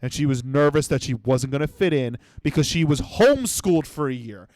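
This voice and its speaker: A young man on his comedy podcast goes off in a sarcastic, profanity-laced rant, mocking people with quick impressions. His voice sits a little high for a man. The sound is dry and close to the mic, with no room around it. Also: expressive, darkish tone, dry recording.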